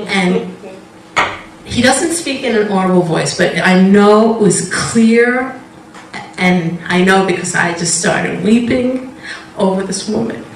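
A woman shares a faith testimony slowly, in a rambling storyteller's way, laughing often. Her voice comes from a distance in a roomy, echoing space. A faint background hiss sits under the speech. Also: medium pitch. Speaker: Christian speaker sharing a testimony.

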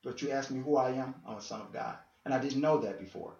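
A man's voice: medium pitch, fast talker, darkish tone. A man giving an earnest spoken testimony as a podcast guest, acting out dialogue as he tells his story. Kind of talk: testimony in casual chat. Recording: echoey room, dull lo-fi sound.

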